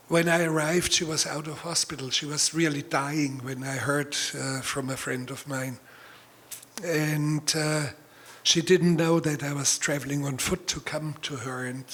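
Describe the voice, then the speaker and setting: German-accented man as guest speaker, unhurried and flat delivery, bright tone, deliberate pauses. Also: fairly high pitch, slightly rough. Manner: measured, deliberate speech with pauses and fillers. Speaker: guest author. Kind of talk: public talk and reading.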